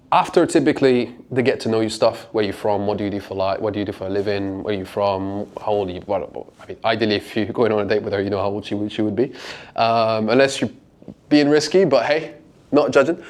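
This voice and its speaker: Casual profane male dating coach. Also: darkish tone. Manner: casual, profane, acts out lines with pitch jumps. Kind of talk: seminar talk to a small group.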